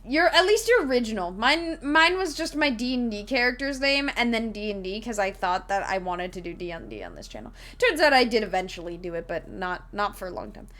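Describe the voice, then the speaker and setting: A woman's voice: medium pitch, sing-song, fairly quick, hardly any pauses, fairly bright tone. A woman streaming live, chatting casually with viewers in a rambling way, giggling and full of fillers while she explains a tabletop game.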